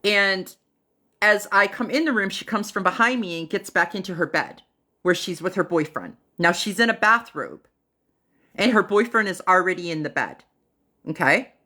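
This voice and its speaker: A woman on a livestream telling a personal story casually and dramatically, pausing often, with fillers and acted-out quotes. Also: mid-range voice, expressive, bright, forceful tone. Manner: dramatic retelling that acts out other people's lines; unhurried, with pauses and fillers.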